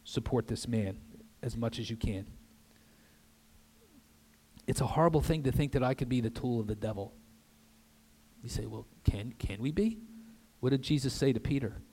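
An older man, a guest pastor, delivers a sermon in a church sanctuary whose hall gives a long reverb. His medium-pitched, slightly rough voice moves at a moderate pace with long pauses, preaching earnestly with asides and softening his voice for emphasis.

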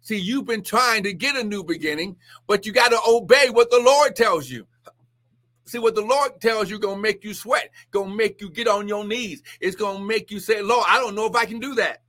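A man preaching prophetically on a live stream, exclaiming often and swinging between shouts and hushed asides. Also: high voice, moderate pace.

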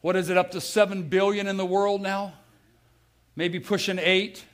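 A middle-aged American man preaching a sermon, telling stories with feeling and swinging from loud to hushed. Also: sits high, little pitch movement, moderate pace. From United States. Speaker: pastor.

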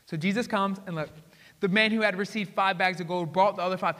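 Excitable guy preaching, high bright voice, lots of hall echo, goes loud then hushed. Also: fairly quick. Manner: excitable, swings between loud exclamations and hushed asides. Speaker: pastor. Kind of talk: sermon. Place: church sanctuary. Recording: hall reverb.

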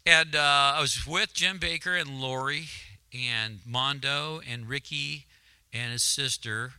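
A man's voice: medium pitch, normal speed, bright, forceful tone, no room sound. A man preaching a sermon testimony, turning emotional and building to fervent, rising exclamations. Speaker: guest preacher. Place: church sanctuary. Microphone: handheld mic, at times held away.

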